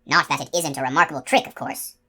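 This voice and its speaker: A woman's voice: deep voice, expressive, fast, bright, forceful tone, slightly rough, heavily acted. A woman voicing a nervous, pompous male outlaw captain who talks in a fussy, lecturing way.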